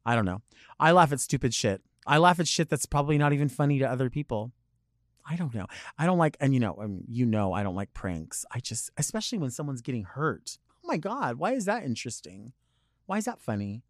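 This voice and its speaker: A drag performer in animated conversation on a podcast, swearing freely and acting out little scenes as he goes. His voice sits at a middle pitch and sounds close on the mic. The sound is dry, with no room around it. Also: fairly quick, no echo. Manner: animated storytelling, acts out quotes, swears freely. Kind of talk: casual podcast chat.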